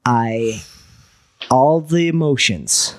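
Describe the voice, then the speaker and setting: A man, a guest entrepreneur, draws out his words in a medium-pitched voice while telling a casual story. He's animated and profane, acting out what others said.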